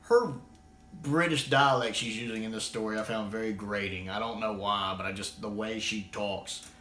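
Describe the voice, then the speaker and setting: A man's voice: on the low side, steady tone, normal speed, bright, forceful tone, a little hiss or hum. An American man giving a casual, rambling spoken review, often restarting his sentences. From United States. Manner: rambling, frequent restarts and fillers. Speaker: video reviewer. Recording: roomy echo.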